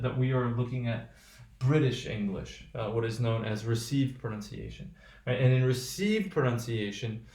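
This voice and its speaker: A man giving a recorded phonetics lecture, talking in a halting way with many fillers and restarts. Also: medium pitch, a little mellow, roomy sound. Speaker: phonetics teacher.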